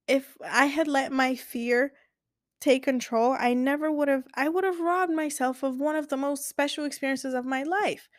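A woman's voice: high voice, moderate pace, no room sound, clean studio sound. A young woman telling a story in a casual vlog, chatty and rambling with lots of fillers and restarts, gushing with enthusiasm.

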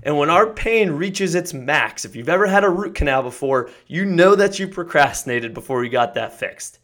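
A male podcast host delivers an emphatic motivational monologue. His voice sits a little high. He pushes hard on key words and climbs into excited shouts. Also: moderate pace.

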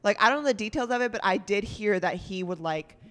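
A woman's voice: medium pitch, brisk, in a large hall. A young woman talking in casual chat, heated and blunt, swearing a lot.

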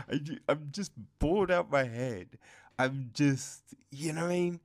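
A man with a gravelly, fry-heavy voice rants about a show in an unhurried drawl. He sounds exasperated and tired, rambling through fillers and curses as he goes. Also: a little high. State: tired, up in the small hours. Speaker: show reviewer. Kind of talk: casual rant.

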